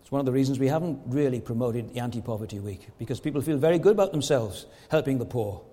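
A man preaching a sermon as pastor, emphatic and full of rhetorical questions, slowing down to stress his points. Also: mid-range voice, lively intonation, mellow, in a large hall.

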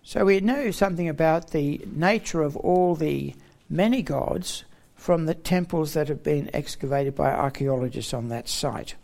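A man delivers a Bible teaching sermon, walking through a passage and explaining it point by point. His voice sits a little high and has a gravelly, creaky edge. He stresses key words with emphatic rising tones. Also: a little slow, a little mellow. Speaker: preacher.

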